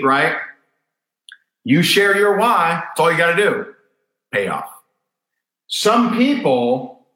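Emphatic male motivational speaker, bright and punchy, echoey room. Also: on the high side. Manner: emphatic, repeats points, rhetorical questions. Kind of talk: motivational talk. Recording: roomy echo.

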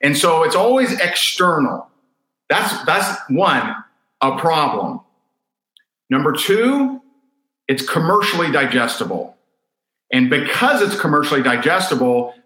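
A man delivers a motivational talk with a bright, forceful voice, hammering his points through repetition and rhetorical questions. The sound is roomy, with a clear echo around him. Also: a little high, sing-song, a little slow. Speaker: motivational speaker.

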